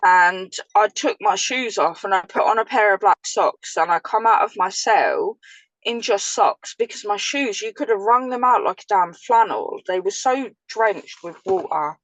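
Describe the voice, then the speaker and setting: This is an English woman sharing a hard story from her past in relaxed conversation. She speaks bluntly and colourfully, with the odd curse thrown in. The recording is close and dry, with no room sound. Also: mid-range voice, normal speed, no echo, low-quality recording. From England. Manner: blunt, swears freely, vivid. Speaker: guest, former prisoner. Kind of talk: casual storytelling chat.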